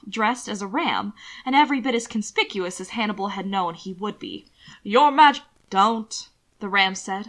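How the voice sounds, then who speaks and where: A woman narrating a fan fiction audiobook with expressive storytelling. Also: medium pitch.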